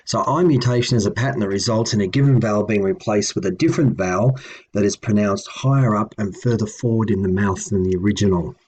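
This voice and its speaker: A man giving a patient, methodical lesson on old language grammar, pausing with ums and correcting himself as he goes. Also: lowish voice, a little mellow, a little hiss or hum. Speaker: language teacher. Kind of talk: explanatory lecture.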